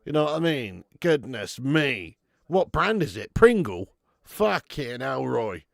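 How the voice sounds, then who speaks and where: A young man with a gravelly, fry-edged voice hosts a live football stream and reads out the chat. His pitch jumps up and down as he talks, casually and with plenty of swearing. The recording is dry and close, with no room sound. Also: big pitch swings, slow pace, dry recording. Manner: swears freely, laughs often, calls viewers mate. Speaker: watch-along host reading live chat.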